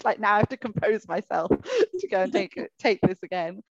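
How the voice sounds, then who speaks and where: Excited woman on a dull, dry recording. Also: mid-range voice, normal speed, vocal fry, no echo. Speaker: fan. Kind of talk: casual storytelling.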